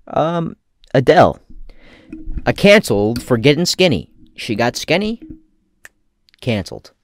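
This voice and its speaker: A man giving casual comedic commentary as a vlogger, rambling and profane with deadpan asides. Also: medium pitch, unhurried.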